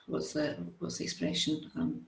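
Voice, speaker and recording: A woman guest on a casual video call, a relationship coach who hesitates and searches for words, laughing easily. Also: measured pace. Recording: echoey room on a call.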